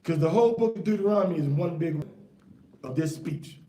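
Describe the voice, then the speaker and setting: A man leads an informal Bible class in a slightly higher, mellow voice, quizzing students with rhetorical questions and street slang. He sounds distant from the mic in an echoey room. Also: fairly quick. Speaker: Bible teacher. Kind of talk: informal scripture class teaching.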